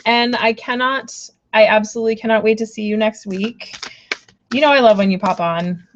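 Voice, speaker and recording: A woman's voice: mid-range voice, steady tone, brisk, highs cut off, slight background noise. A woman giving casual card readings on a live stream, rambling with lots of fillers, laughing and apologizing often.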